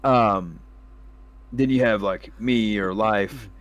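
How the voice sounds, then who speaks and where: A man's voice: on the low side, slow, dull audio. A man hosting a casual gaming chat, laughing often, swearing freely and acting out what he would say to his teammates. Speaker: podcast host and gamer.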